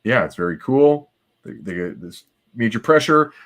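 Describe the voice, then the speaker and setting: A man's voice: mid-range voice, sing-song, moderate pace. A man co-hosting a comic book podcast, casually recapping the plot and now and then voicing the characters' lines. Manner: recaps the plot, dropping briefly into playful character voices. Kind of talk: casual chat reading comics aloud.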